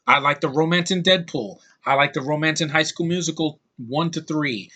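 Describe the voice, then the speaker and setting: A man's voice: on the high side, normal speed, pushed and bright. A man giving a casual, ranting film review, blunt and heated, often repeating and restarting his words. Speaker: movie reviewer.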